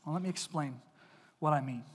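A man's voice: on the high side, a little fast, breathy edge. A man from East Texas preaching a casual, joking sermon built around personal stories, talking directly to the crowd. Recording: long reverb of a large hall.

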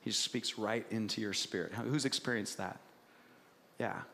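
A man's voice: lowish voice, moderate pace, creaky, sharp tone, a little hiss or hum. A man preaching a sermon, asking the congregation questions and telling stories with animation. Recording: long reverb of a large hall.

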